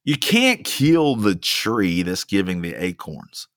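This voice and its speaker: A man's voice: low-pitched, huge pitch swings, slow, fairly bright tone, no echo, clean studio sound. A young man preaching a sermon as a pastor, emphatic and fond of repeating lines for stress. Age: young adult.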